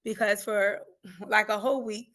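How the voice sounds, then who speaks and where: A woman's voice: medium pitch, steady tone, moderate pace, a bit bright. A woman speaking as an interview guest and coach, giving an emotional personal testimony in an earnest, emphatic way that often breaks into laughter.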